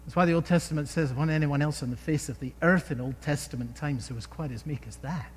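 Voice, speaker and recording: A man preaching a sermon, retelling a scripture story with emphatic, animated delivery and rhetorical questions. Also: on the high side, quick pace, long reverb tail, a little hiss or hum.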